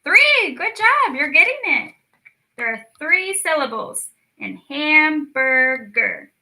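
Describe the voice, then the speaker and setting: A woman with a high-leaning, very bright and sharp voice that carries a gravelly fry, leading a children's storytime. She speaks slowly and enunciates each word, encouraging young listeners like a patient teacher. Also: sing-song, rough recording. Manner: slow, clearly enunciated, encouraging teacher talk. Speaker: speech clinic storyteller.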